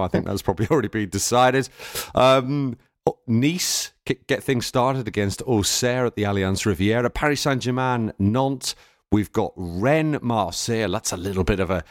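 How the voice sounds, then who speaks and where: A man's voice: on the low side, no room sound, studio quality. A man hosting a football podcast, chatty and playful, poking fun at himself. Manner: chatty, self-mocking, playful. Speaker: podcast host. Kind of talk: casual chat.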